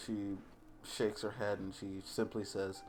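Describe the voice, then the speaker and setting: Low-voiced man running a tabletop game. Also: measured pace. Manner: relaxed, loose narration with filler words. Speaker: game master.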